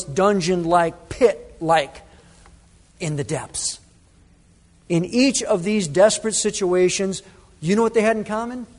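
A male pastor preaching a sermon to his congregation, dramatic, swinging between loud emphasis and hushed asides. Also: high-pitched. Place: church sanctuary. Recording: reverberant church hall.

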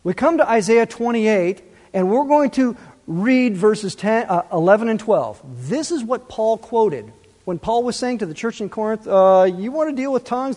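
A man preaching a sermon, animated and full of rhetorical questions, swinging between loud and soft. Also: high voice, normal speed. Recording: long reverb.

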